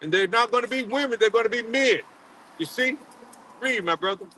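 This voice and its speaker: A man preaching a sermon in a halting, repetitive way, full of fillers, and calling on another man to read scripture aloud. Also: extremely high pitch, animated, bright, forceful tone, slight background noise, low-quality recording. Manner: halting, repeats words, many fillers, calls on a reader. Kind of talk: street-style sermon with scripture reading.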